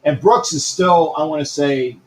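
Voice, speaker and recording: A man's voice: a little high, normal speed, roomy sound, rough recording. A man hosting a casual live-streamed sports talk show, rambling, repeating himself and greeting viewers by name.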